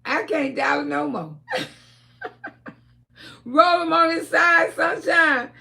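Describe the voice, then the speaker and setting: A woman hosting a casual livestream, talking loudly with frequent laughter and cursing while telling stories to her viewers. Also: high-pitched, slow pace, vocal fry. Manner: loud, laughing, storytelling with lots of cursing. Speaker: livestream host.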